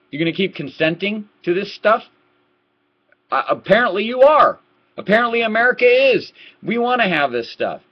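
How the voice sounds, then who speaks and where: A man records a heated, preachy rant into his laptop webcam, and the sound is dull and lo-fi. His voice sits a little high for a man. He stumbles over repeated words, drops to a low mutter, then flares into loud outbursts. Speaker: political vlogger. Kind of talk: ranting webcam commentary. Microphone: laptop webcam mic.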